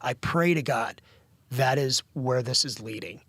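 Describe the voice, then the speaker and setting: Earnest halting man. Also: mid-range voice, gravelly, fairly bright tone, no room sound. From United States. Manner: earnest, halting with many restarts. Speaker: guest correspondent. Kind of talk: news interview.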